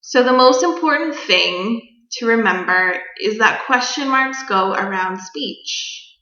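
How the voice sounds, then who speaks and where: A young woman teacher giving a recorded grammar lesson, explaining clearly and patiently to children. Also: on the high side, animated, slow, sharp tone. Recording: dull echoey room recording.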